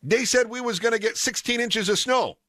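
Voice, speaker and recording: A man voicing his stubborn older father from rural Michigan in a folksy drawl, gruff and scoffing. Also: very high voice, fairly quick, bright, forceful tone, dry recording, clean studio sound, voice pushed up. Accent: put-on folksy rural drawl.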